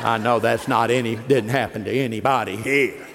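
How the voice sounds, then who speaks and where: Folksy preacher in a big hall. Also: male voice, medium pitch, fairly even intonation, moderate pace, a crowd in the background, noisy background. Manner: folksy, joking storyteller, rising to emphatic preaching. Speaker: pastor. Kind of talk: sermon. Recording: long hall reverb.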